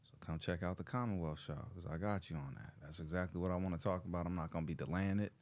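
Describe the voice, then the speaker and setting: A man's voice: low voice, fairly even intonation, fast talker, darkish tone. A man in his thirties from Los Angeles, hosting a show and telling a story in a loose, slangy way, acting out the people he quotes. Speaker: show host. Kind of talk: casual storytelling to an audience.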